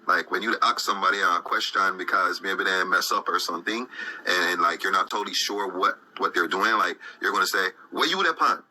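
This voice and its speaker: A man from Belize talks through local expressions in a loose, casual way, leaning on "like" and "you know". His voice sits fairly low but sounds very bright. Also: steady tone, fairly quick, slight background noise, poor audio. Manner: laid-back, full of "like" and "you know". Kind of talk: casual explanation of slang.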